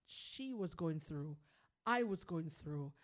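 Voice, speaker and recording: A woman's voice: low-pitched, expressive, takes it slowly. A woman hosting a podcast who talks earnestly and emphatically, urging her listeners to reach out to others. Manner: earnest, emphatic, preachy encouragement. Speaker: podcast host. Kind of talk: heartfelt motivational podcast talk.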